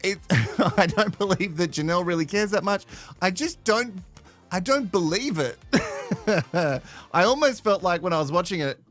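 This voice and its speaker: A man's voice: high-pitched, lively intonation, moderate pace, fairly bright tone, faint music behind. A man hosting a live reality-show recap, swearing, sarcastic and laughing often. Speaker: host.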